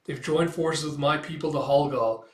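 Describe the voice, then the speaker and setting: A man voicing a calm, resolute young wife who speaks firmly and steadily. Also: on the high side, normal speed, close to an everyday voice. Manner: steady, firm. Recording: roomy echo.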